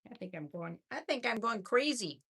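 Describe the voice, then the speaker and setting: Bright, chatty woman selling jewelry live. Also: fairly high pitch, expressive, moderate pace, creaky, breathy edge. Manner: chatty, effusive, repeats words. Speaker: host of a live jewelry sale. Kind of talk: casual live-stream selling.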